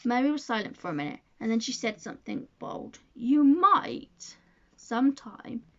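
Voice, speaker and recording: A woman reading a storybook aloud to listeners in a gentle, measured narration. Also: fairly high pitch, very animated, dry recording. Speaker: storybook reader. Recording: dull lo-fi sound.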